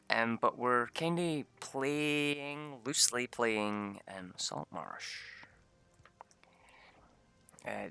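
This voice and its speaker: A man's voice: on the low side, gravelly, bright, forceful tone, clean tone. A young man, rambling through tabletop game stories, swearing and laughing often. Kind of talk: casual chat.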